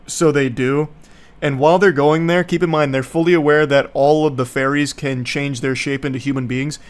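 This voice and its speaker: A man's voice: fairly high pitch, steady tone, moderate pace. A man giving casual, rambling movie commentary, sarcastic, profane and mocking.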